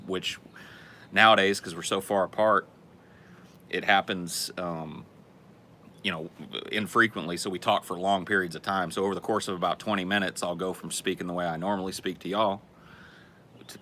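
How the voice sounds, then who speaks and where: A man's voice: deep voice, fairly even intonation, moderate pace, bright, forceful tone, a little hiss or hum. A young man from California's Central Valley with a general American Southern accent, chatting casually as a podcast host and often stammering and restarting his sentences. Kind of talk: casual Q&A chat.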